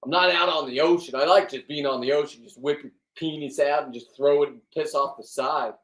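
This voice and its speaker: A man's voice: a little high, fairly even intonation, brisk. Crude, profane man in his fifties. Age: 50s. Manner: crude, profane, loud and joking. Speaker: fishing and diving vlogger. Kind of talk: casual rambling monologue. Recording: roomy, from a distance.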